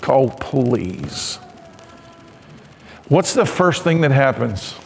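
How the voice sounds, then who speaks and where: A middle-aged man preaching a sermon as pastor, animated and acting out voices and cries. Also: mid-range voice, extremely slow, gravelly, a little hiss or hum. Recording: long hall reverb.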